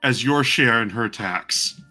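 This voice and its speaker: A man narrating as game master for a tabletop game in a relaxed, rambling way. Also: mid-range voice, slow pace, soft background music.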